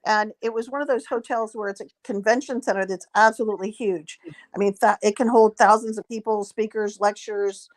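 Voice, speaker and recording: A woman, a psychic guest, telling a long anecdote in an interview and acting out the dialogue, with frequent throat clearing. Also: mid-range voice, a little fast. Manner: lively retelling, acting out quoted dialogue.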